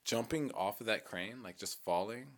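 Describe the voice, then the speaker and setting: A young man talks casually among friends, his voice sitting a little low. He rambles through a story with lots of swearing and filler words, loose and unpolished. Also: moderate pace. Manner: rambling, profane, full of "like" and "bro".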